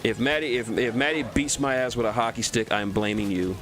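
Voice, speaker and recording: A man's voice: mid-range voice, brisk, fairly bright tone, faint music behind. A man from Texas streaming a game, rambling through cartoon trivia, often stumbling and repeating words and swearing casually. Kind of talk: casual gameplay commentary.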